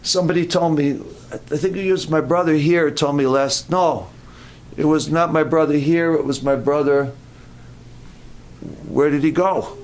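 Man, preacher, sermon, earnest, repeats himself, slightly high voice. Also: steady tone, a little slow. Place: camp meeting.

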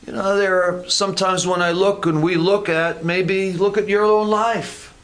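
A man's voice: high-pitched, steady tone, a little slow, hardly any pauses, a bit bright. A man preaching a sermon in a conversational way, with joking asides and acted-out bits of dialogue.

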